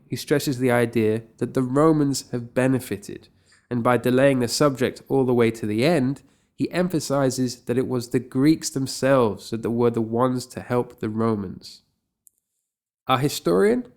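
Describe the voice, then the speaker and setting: A man tutoring Latin grammar in a mid-pitched voice. He explains patiently and clearly, and his enthusiasm shows through light, playful remarks. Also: darkish tone. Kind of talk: scripted grammar lesson.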